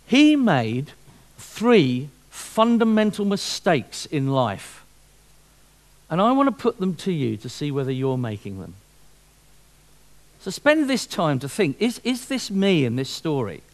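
A man preaching a sermon, lively and fond of repeating himself and asking rhetorical questions. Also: fairly high pitch, unhurried.

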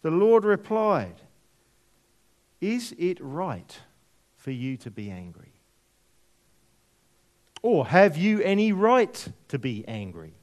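A man preaching a sermon, reading scripture aloud and explaining it with deliberate, dramatic emphasis. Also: on the high side, very animated, a little mellow. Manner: slow, deliberate, dramatic drops to near whisper on key words.

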